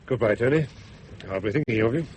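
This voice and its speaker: An actor as a wry, reserved gentleman. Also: mid-range voice, expressive, background noise, lightly acted. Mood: dry. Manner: dry, wry, measured. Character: urbane, reserved middle-aged English father. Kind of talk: 1950s radio drama acting.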